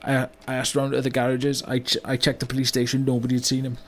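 Man playing a british car yard owner, blunt, remorseful, rambling, quick talker, mid-pitched, faint music. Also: completely flat delivery, a little hiss or hum, natural voice. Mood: rueful. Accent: British English. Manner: rambling, full of "you know" and "right?". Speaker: business owner telling a story. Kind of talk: mock-documentary comedy monologue.

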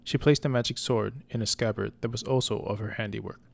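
A man narrating a story in a slow, deliberate scripted reading as the show's storyteller. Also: fairly low pitch, fairly even intonation, vocal fry. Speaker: podcast storyteller.

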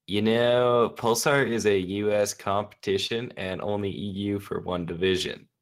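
Man putting on a deep, hammy Southern American drawl for a read-out message. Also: steady tone, normal speed, close to an everyday voice. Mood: mock-serious. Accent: put-on Southern American. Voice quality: exaggerated drawl.

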